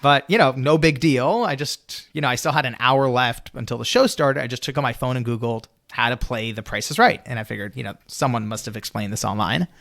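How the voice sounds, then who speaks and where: A man telling a story as a podcast guest, animated and full of "you know" fillers. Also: mid-range voice, fairly quick, vocal fry, few pauses.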